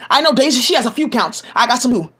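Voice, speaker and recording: A woman's voice: on the high side, animated, fast, a bit bright, slightly rough. A woman giving rambling, profane commentary full of restarts, agitated asides and fillers, speaking into a home mic. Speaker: commentary vlogger.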